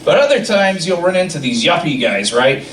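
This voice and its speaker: A man's voice: on the high side, very animated, normal speed, fairly bright tone, slight background noise. A man doing a stand-up comedy set with a loose delivery, often laughing at his own jokes. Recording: echoey club from a distant mic.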